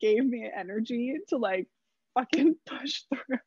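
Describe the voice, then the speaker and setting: A young woman with a fairly high, expressive voice, a little slow, darkish and slightly rough, shares her birth story as a podcast guest. Her manner is chatty, heavy on "like" and sprinkled with casual swearing, in a slightly dull, dry recording.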